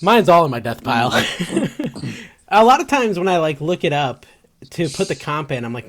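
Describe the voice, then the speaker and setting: A man's voice: fairly high pitch, very animated, normal speed, a bit bright. A man co-hosting a podcast, chatting casually and joking at his own expense. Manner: joking, self-deprecating. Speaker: podcast co-host. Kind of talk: casual chat.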